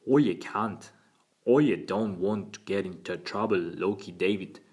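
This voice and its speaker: A man voicing a cheerful, impish thirteen-year-old boy with a crisp Cockney accent. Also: low-pitched, a little slow, a little mellow. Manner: crisp, open and earnest.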